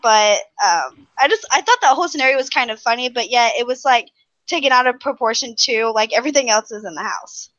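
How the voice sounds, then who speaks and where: A woman gives her take on a podcast panel, pausing often with fillers. Her voice sits high, sounds dull and muffled, and is recorded dry. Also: expressive, a bit bright, dry recording. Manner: hesitant, many fillers. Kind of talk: casual chat.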